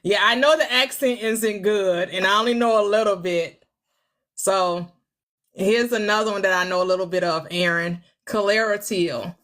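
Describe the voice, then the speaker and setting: A woman in her forties hosting a casual livestream, laughing often as she answers viewer comments and tries out halting schoolbook French. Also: mid-range voice, a bit bright. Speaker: livestream host. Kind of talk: casual live chat reading viewer comments.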